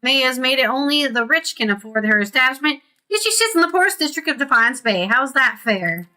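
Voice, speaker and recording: A woman reading out the lines of a defiant, armored rebel woman from a game, pitched a little above her normal voice. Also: very animated, a little fast, bright, forceful tone, faint music behind, exaggerated voice. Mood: indignant. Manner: read aloud from game text, raised pitch.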